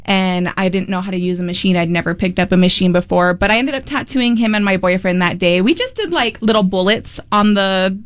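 A woman's voice: medium pitch, fairly quick, hardly any pauses, no room sound. Chill tattoo artist woman, storytelling, mid voice, dry sound. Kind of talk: casual group chat.

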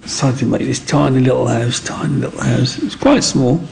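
A man's voice: mid-range voice, brisk, creaky, a little mellow, slight background noise, poor audio. A man, earnestly recalling his childhood in a rambling, heartfelt way. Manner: rambling, earnest, with frequent asides. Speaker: interviewee. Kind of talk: reflective storytelling.

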